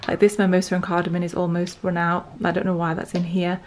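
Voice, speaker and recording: A woman's voice: lowish voice, monotone, fast, darkish tone, a little hiss or hum. Chatty young woman vlogging at home. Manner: chatty, rambling, lots of fillers. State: out of breath. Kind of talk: casual vlog chat. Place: home, indoors.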